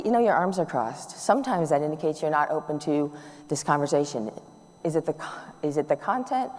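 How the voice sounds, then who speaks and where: A middle-aged woman giving a talk to an audience, telling stories with acted-out dialogue. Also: low voice. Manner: warm, animated storytelling with acted-out dialogue. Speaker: speaker. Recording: long hall reverb.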